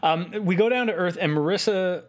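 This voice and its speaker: A man with a voice a touch higher than most, talking through a cartoon's plot in a laid-back podcast chat. He drifts through the story with many ums and uhs, and he drops in wry remarks along the way. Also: fairly quick. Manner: relaxed, loose storytelling with many fillers. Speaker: podcast co-host. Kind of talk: casual chat recapping a cartoon episode.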